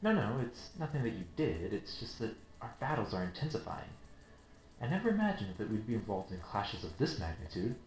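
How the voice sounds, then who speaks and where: A man reading as a gentle, loyal young knight. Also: fairly low pitch, big pitch swings, fairly quick. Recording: roomy with game music.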